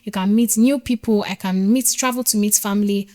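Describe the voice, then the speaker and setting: A woman's voice: mid-range voice, steady tone, brisk, warm tone. A woman, a nurse speaking as a podcast guest, earnest and emphatic, repeating her points to drive them home. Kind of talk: motivational interview talk.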